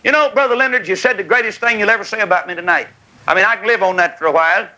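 A man preaching a revival sermon in a tent, folksy and fiery, rising to shouts, with a congregation calling back amens. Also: high voice, rapid-fire, low-quality recording. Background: congregation calling amen.

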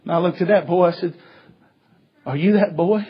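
Preacher guy, high husky voice, goes from hushed to shouting, dull lo-fi recording. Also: moderate pace. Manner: swings from hushed to shouting, folksy. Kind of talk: sermon storytelling.

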